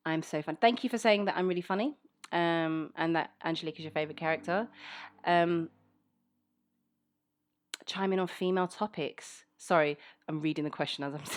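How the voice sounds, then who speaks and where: A woman with a fairly well-spoken South London accent, chatting frankly and reading out listener questions for a voice actor's Q&A. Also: low-pitched. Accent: South London English, fairly well-spoken. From South London, England. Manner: chatty, frank, many "um"s, reads questions aloud. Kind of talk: casual Q&A chat.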